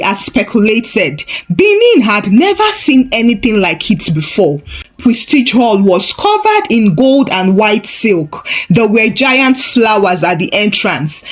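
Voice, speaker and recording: A woman narrates a storybook tale with chatty asides. Her voice sits fairly high and moves a lot in pitch, keeping the telling animated.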